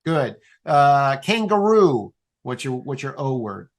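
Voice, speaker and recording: A man guest on a podcast, explaining an improv exercise in a playful, animated way and swearing casually. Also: mid-range voice, slow pace.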